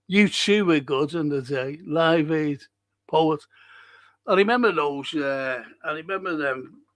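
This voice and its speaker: A man hosting a live stream, reading out chat comments and telling rambling stories. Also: on the high side. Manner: rambling, chatty storytelling with restarts. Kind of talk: casual chat.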